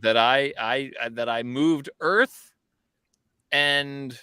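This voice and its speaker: Bright, jokey man on a rooftop. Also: mid-range voice, slow pace, clean tone, no room sound, studio quality. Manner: jokey, self-mocking banter. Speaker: podcast co-host. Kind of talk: casual chat. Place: rooftop deck near the ocean, outdoors.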